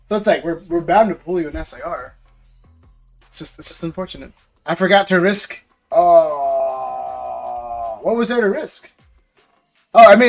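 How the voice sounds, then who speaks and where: A man's voice: high-pitched, gravelly. A man selling trading card packs on a live stream, chatting casually with viewers and calling them bro. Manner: laid-back, talks to viewers as bro. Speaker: livestream card seller.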